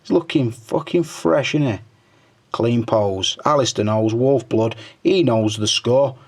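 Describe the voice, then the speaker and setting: Speaking at a measured pace in a medium-pitched voice, a middle-aged toy reviewer goes over viewer comments on his own channel in casual conversation. He cracks crude jokes, swears freely and mutters quietly as he scrolls along.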